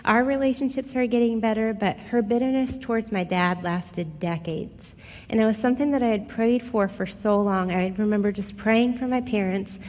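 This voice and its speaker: A woman's voice: a little high, normal speed. Middle-aged woman telling her story, hall echo. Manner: conversational, expressive, addresses listeners directly. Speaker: speaker giving a personal testimony. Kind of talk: casual storytelling testimony. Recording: long hall reverb.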